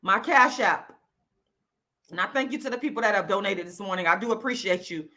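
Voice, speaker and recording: A woman from Florida, hosting her own channel and ranting angrily into the camera with loud, profane, repetitive emphasis. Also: medium pitch, a little fast. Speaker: YouTube channel host. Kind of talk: angry direct-to-camera rant.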